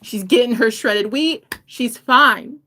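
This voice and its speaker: A woman giving a casual reading to camera, animated and profane, sometimes dropping into a whisper. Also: fairly high pitch, slow pace. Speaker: tarot reader.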